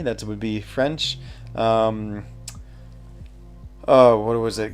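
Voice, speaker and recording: A man's voice: mid-range voice, a little slow, clean tone, soft background music. A man chatting casually while streaming a mobile game, thinking aloud, answering chat and laughing easily. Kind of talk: casual live gameplay commentary.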